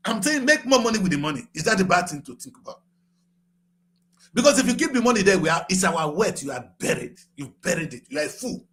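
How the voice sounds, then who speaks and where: A middle-aged man with a Nigerian accent giving passionate political commentary, repeating himself and rising to shouts. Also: a little high. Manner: fiery, repetitive, rising to shouts. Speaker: current affairs show host.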